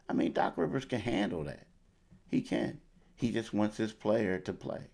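A man with a deep voice and a gravelly edge talks sports as a show host. He speaks casually and addresses listeners as y'all. He often circles back and repeats points for emphasis. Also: sing-song, normal speed, darkish tone. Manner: conversational, repeats himself, uses y'all. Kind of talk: casual sports talk monologue.

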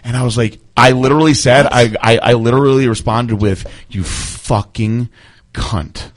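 A man's voice: mid-range voice, a little fast. A man telling a long story in casual chat, swearing often and rambling. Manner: profane, rambling, animated storyteller.

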